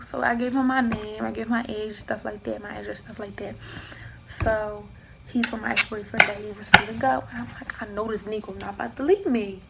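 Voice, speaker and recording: A young woman telling a personal story in a casual vlog, acting out both sides of the argument with lively emphasis. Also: a little high, gravelly, very noisy. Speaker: vlogger.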